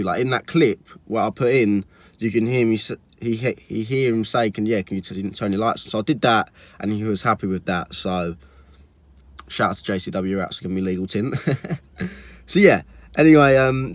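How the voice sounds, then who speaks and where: Young guy, storytime vlogger, low-ish voice, chatty and exasperated, dry close sound. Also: normal speed, dry recording. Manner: chatty, exasperated, full of likes and restarts. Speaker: car vlogger. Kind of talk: casual storytime vlog.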